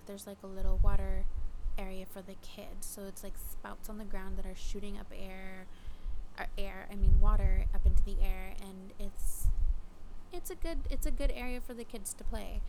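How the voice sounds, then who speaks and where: A young woman hosting a podcast, retelling a personal story in casual, animated chat full of fillers. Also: medium pitch, background noise. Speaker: podcast host.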